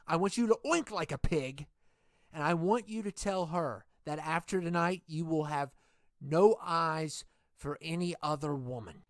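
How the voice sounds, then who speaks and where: A man playing a menacing leader of a villainous wrestling group in a game role-play, taunting with slow, drawn-out threats. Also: on the high side, no echo, clean studio sound, close to an everyday voice.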